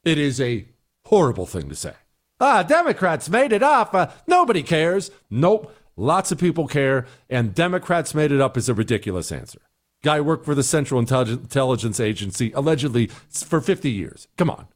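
A man's voice: medium pitch, expressive, a little fast. A middle-aged man hosting a talk show, giving emphatic, sarcastic opinions and answering listener emails. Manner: emphatic, sarcastic, repeats points.

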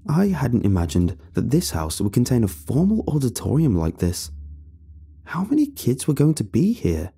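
A man narrating a scripted first-person horror story in a measured storytelling delivery. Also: mid-range voice, huge pitch swings, creaky, warm tone, husky.

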